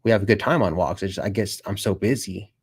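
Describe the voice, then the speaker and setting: A man with a fairly low voice hosts a loose live stream and talks straight at his viewers. His delivery is offhand and rambling, with frequent swearing and "dude" tossed in. The tone stays relaxed and conversational. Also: fast talker, breathy edge. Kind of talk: casual live-stream chat.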